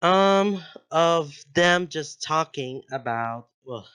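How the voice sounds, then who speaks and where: A man's voice: on the high side, lively intonation, takes it slowly, pushed and bright, clean tone. Giggly man rambling to his channel. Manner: giggly, goes off on tangents, corrects himself. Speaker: channel host. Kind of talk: casual rambling commentary.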